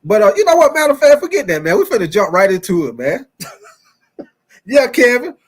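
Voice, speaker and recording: A young man hosting a casual sports talk show, animated and quick to laugh, repeating his phrases and calling out to viewers. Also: high-pitched, breathy edge. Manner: animated, laughing often, repeats phrases, reads live chat. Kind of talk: casual chat.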